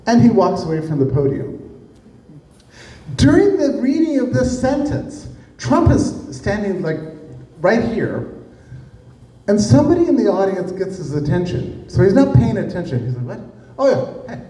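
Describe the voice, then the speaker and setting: A man's voice: sits high, normal speed. A man giving a storytelling talk to a live audience, acting out the people he quotes. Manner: animated, acts out the people he quotes. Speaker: speaker giving a public talk. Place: room with an audience. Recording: echoey room, distant mic, faint ambience.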